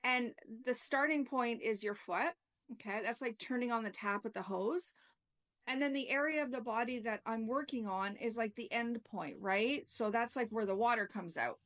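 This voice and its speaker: A middle-aged woman who works as a reflexologist speaks in an easy, chatty way, her voice sitting slightly high. She slips between telling a story and plain teaching, checking in with "okay?" and filling gaps with "like.". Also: moderate pace, a bit bright. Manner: chatty, peppers talk with "like" and "okay?". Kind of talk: casual storytelling and explanation.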